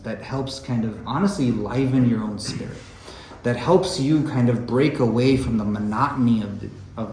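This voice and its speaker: A man's voice: mid-range voice, a little mellow, roomy sound, low-quality recording. A man giving an impassioned lecture on poetry and faith, often asking his listeners "right?", and growing emotional. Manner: impassioned, tag questions "right?". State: emotional, clearing throat. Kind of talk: religious study lecture.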